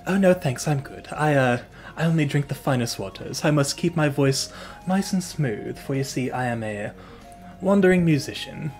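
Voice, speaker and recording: A man's voice: mid-range voice, close to an everyday voice. A man voicing a boastful young male wandering musician who talks in a grandiose, theatrical way.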